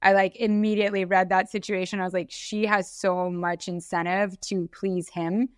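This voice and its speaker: A woman co-hosting a podcast in casual chat, lively and reassuring, asking rhetorical questions. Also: mid-range voice, normal speed, smooth, dry recording, clean studio sound. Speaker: podcast co-host.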